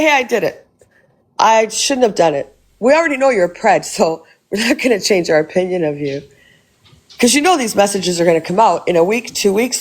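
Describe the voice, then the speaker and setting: A woman speaking a little high for her sex, airing her views in a casual live chat. She is blunt and emphatic, and she swears freely as she talks. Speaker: live audio chat participant.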